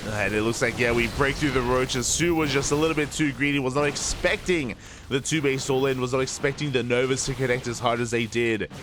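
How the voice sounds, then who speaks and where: A young man doing live play-by-play commentary on a strategy video game, sleepy and slightly slurred, excitable during fights. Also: medium pitch, a little fast, background noise. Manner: excitable, drowsy between fights. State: just woke up, slurring. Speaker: esports caster.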